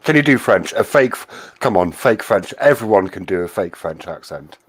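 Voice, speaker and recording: A man's voice: low voice, lively intonation, moderate pace, breathy edge. A man hosting a casual live group chat, teasing and making playful requests.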